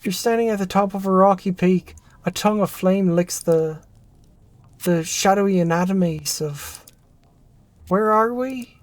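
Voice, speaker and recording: A performer reading a narrative game aloud, voicing an excitable former research assistant who rambles and restarts mid-thought. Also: medium pitch, measured pace, dry recording, lightly acted. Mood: eager. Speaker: game character voice.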